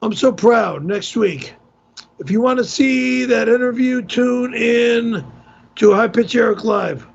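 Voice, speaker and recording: Gravelly, irritable man on a stream. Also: very high-pitched, slow pace, lo-fi sound. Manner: gruff, irritable, exasperated, swears. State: wearing a tight neck brace. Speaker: livestream host reading tips. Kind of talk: casual livestream talk.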